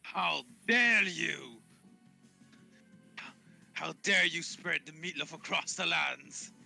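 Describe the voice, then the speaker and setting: A theatrical, heartbroken young orc, played by a man, who overacts every feeling. His voice is bright and edged with a gravelly crackle. Faint music hums behind him. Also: on the high side, expressive, moderate pace, full character voice. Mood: indignant. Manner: overwrought and theatrical, pleading then outraged. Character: melodramatic young male orc, heartbroken brother. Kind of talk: improvised tabletop role-play.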